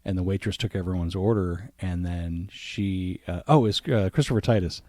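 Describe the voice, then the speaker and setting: Low-voiced man hosting a casual podcast. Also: moderate pace, a little mellow, dry recording. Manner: swears freely, rambling asides. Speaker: podcast host.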